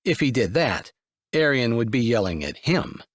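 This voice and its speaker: A man narrates an audiobook in a mid-pitched voice that rises and falls with a lot of life. The recording is close and dry, with no room sound. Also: sing-song, moderate pace, no echo. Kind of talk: scripted narration.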